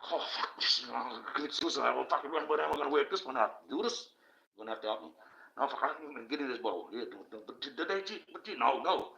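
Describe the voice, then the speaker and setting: A man's voice: medium pitch, lively intonation, fast talker, vocal fry, bright, forceful tone, voice pushed up. A man putting on the voice of an ancient holy man who talks in an offhand, matey, conspiratorial way. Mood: boozy. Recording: dull, echoey room sound.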